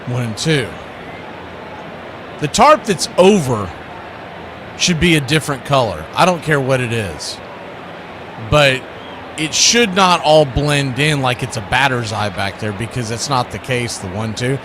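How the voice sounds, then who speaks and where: A man hosting radio baseball play-by-play, mixing chatty opinions between pitch calls and lifting his voice for big plays. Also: lively intonation, measured pace, pauses often. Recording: noisy background.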